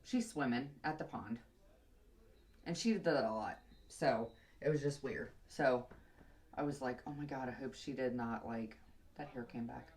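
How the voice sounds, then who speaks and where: A woman's voice: rumbling low, a little slow, a little mellow. A young woman vlogger telling a long casual story while doing her hair, rambling and chatty, sometimes muttering to herself.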